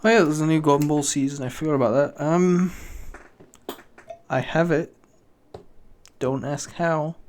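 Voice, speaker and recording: A man's voice: a little high, steady tone, unhurried, long pauses, darkish tone, a little hiss or hum. A young British man hosting a solo podcast, rambling casually with lots of swearing and self-mockery. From Britain. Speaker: podcast host.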